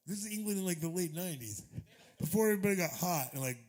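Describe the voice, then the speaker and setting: Man in his forties, rambling stage banter, cussing, laughing, slightly high voice. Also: lively intonation, racing, darkish tone. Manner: profane, rambling, laughs often. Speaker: touring musician. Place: music club stage.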